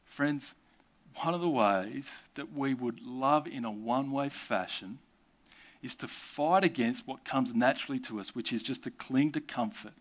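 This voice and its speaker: A man's voice: medium pitch, a little slow. A man preaching a sermon to a church gathering, earnest and conversational, with casual asides.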